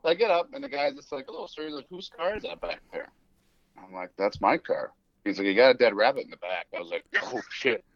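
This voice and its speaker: A man's voice: mid-range voice, quick pace, no echo. A young man co-hosting a podcast, telling a story in casual chat, acting out quotes and laughing often. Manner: animated, acts out quotes, laughs often, swears. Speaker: podcast co-host. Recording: dull dry studio mic.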